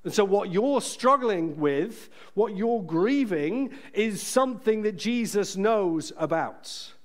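A man preaching a sermon in a church, earnest and emphatic, slowing down to stress key phrases. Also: high-pitched, lively intonation.

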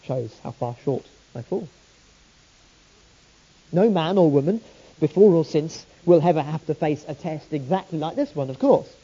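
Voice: mid-range voice, normal speed, pauses often, dark tone, breathy edge. A preacher giving a sermon, telling the story with earnest rhetorical questions, on a dull lo-fi recording.

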